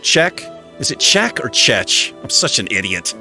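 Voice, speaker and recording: A man's voice: mid-range voice, a little slow, faint music behind. A man hosting a livestream in a casual chat, self-mocking and chuckling often as he fumbles over pronunciations. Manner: animated, struggling over pronunciation. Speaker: livestream host.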